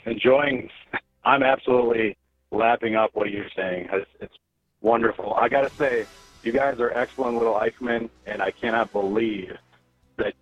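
Mocking male caller on a muffled line. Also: medium pitch. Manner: mocking, combative. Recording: muffled phone line under music.

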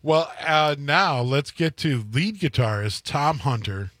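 A man's voice: fairly high pitch, animated, slow, noisy background. Friendly male radio co-host. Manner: friendly, guiding questions. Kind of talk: live radio interview. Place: radio studio.

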